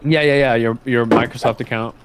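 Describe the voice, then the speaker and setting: A man's voice: medium pitch, steady tone, brisk, very noisy. Rambling young man, Southern accent. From Nashville, Tennessee. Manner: rambling, swears, laughs at his own stories. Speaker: co-host guest. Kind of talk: casual chat.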